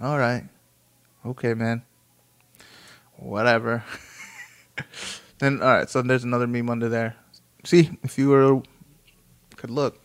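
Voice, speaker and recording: A man's voice: mid-range voice, level tone, takes it slowly, long pauses. A man in his thirties chatting casually and rambling, swearing often and breaking into laughter.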